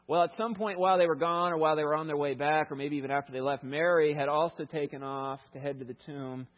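A man's voice: medium pitch, muffled recording. A man preacher giving a sermon, retelling a Bible story in a conversational way with lots of asides.

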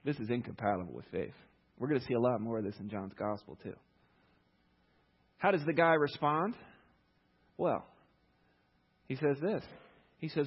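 A man's voice: medium pitch, moderate pace, pauses often. A man preaching a sermon in a conversational way, full of sarcastic asides and fillers, in a church hall. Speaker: pastor. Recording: echoey hall, dull lo-fi sound.

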